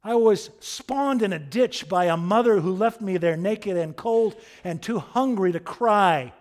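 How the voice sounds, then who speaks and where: Man doing a scornful kitchen maid, bitter, declaiming, pitched up, loud. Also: unhurried. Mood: bitter, pleading.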